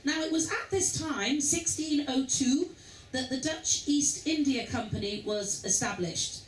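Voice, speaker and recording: A woman's voice: sits high, unhurried. A woman giving an informal history talk to cruise passengers, chatty and asking the audience questions. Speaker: cruise lecturer. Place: lounge aboard a river cruise ship. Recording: roomy, distant, faint background noise.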